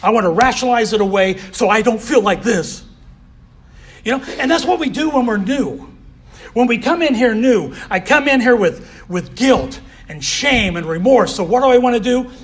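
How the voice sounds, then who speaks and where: A man's voice: extremely high pitch, lively intonation, normal speed, husky. A man giving a candid personal recovery share as a convention speaker, often saying "you know".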